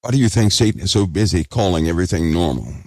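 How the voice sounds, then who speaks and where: A man's voice: low voice, animated, quick pace, a little mellow, no echo, studio quality. A man preaching an urgent sermon, exhorting listeners and repeating phrases for emphasis.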